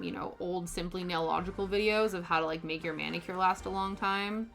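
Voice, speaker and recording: Bright-voiced woman chatting. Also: fairly low pitch. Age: 30s. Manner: rambling, filler-heavy storytelling. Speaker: nail-painting vlogger. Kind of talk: casual chatty vlog.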